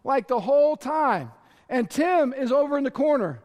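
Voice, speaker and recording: A male pastor delivers a lively sermon and calls out to the people in front of him. His voice sits very high for a man. It rings through a large hall with a long reverb tail. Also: normal speed. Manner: lively, storytelling, addressing the congregation directly.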